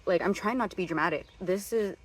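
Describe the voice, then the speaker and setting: A woman's voice: medium pitch, quick pace. A woman in her twenties talking casually in a reading vlog, gushing and dramatic, sometimes dropping to a whisper. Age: 20s. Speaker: reading vlogger.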